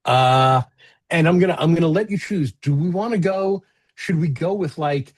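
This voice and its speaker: A man's voice: on the high side, moderate pace. A middle-aged man co-hosting a podcast, talking in casual, rambling chat with lots of fillers, restarts and swearing. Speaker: podcast co-host.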